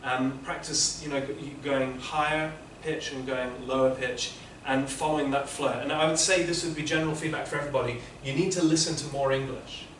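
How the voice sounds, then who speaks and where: Here a man with a mid-range, fairly bright voice speaks a little fast with few pauses and fairly even intonation. He teaches interpreting, offering patient explanations and frequent restarts as he gives classroom feedback. The distant, echoey recording has a little hiss or hum.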